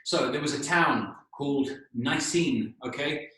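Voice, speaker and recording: A man teaching English, telling a story for learners, explaining slowly, spelling out words and checking in with "okay?". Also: medium pitch, sharp tone. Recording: echoey room, voice a bit distant.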